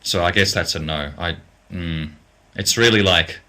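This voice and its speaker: Young Australian male, very low and bright-edged, hesitant, blunt, casual and tired. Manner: hesitant and halting, many ums and restarts, then blunt. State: getting tired. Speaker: music producer. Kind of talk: casual livestream Q&A, reading out viewer questions.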